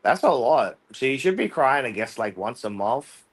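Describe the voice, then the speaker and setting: Male host, mid pitch, inquisitive, talking over a video call. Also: sing-song, moderate pace, breathy edge. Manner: curious, asks lots of questions. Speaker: podcast host. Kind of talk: casual panel chat.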